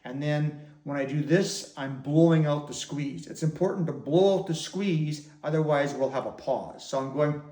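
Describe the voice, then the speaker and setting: A man with a slightly high voice gives a patient, step-by-step lesson on circular breathing for the didgeridoo. His explanation sounds in an echoey room. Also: normal speed, few pauses, mellow, a little hiss or hum. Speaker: didgeridoo teacher. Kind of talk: instructional demonstration.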